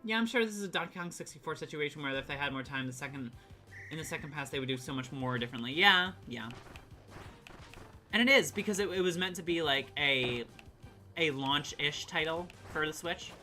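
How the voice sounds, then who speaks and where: A woman streaming a game, chatting casually and excitedly with her chat and swearing now and then. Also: deep voice, fairly quick, soft background music. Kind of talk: casual live-stream chat while gaming.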